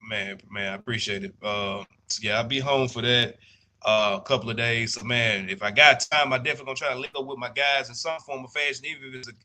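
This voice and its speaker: A man's voice: medium pitch, fairly even intonation, fast talker, pushed and bright, slight background noise. A young man, co-hosting a casual sports podcast in a laid-back, drawling way. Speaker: podcast co-host.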